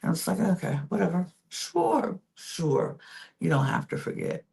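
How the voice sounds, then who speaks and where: A young adult woman hosting a podcast, recapping a reality show in a sassy, animated way and acting out the quotes. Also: fairly low pitch, fast talker, gravelly, breathy edge. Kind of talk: casual recap chat.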